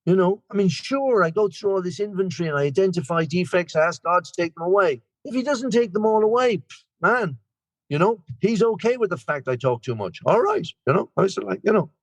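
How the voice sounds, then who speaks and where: Irish man, 60s, rambling self-deprecating recovery share; fairly high voice, dry close sound. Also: animated, a little fast, no echo. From Ireland. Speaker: guest speaker.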